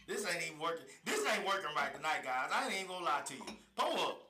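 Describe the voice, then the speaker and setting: A man hosting a live show, ranting loudly and repeating himself for emphasis. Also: fairly high pitch, animated, fast, over music. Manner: loud, confrontational, repeats phrases for emphasis. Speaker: host of a live online show. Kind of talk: fired-up live commentary rant. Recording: echoey room, faint noise.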